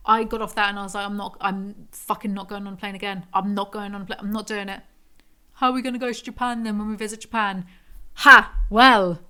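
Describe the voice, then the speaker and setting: A woman talks in a bright, fairly high voice. She rambles through a casual story as a podcast host, animated and quick to poke fun at herself. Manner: rambling, animated, self-mocking.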